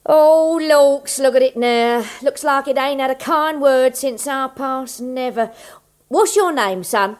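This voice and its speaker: A woman's voice: sits high, takes it slowly. A woman playing a scheming, cheerful pie-shop landlady in a radio musical drama, giggly and coaxing. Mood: cheery.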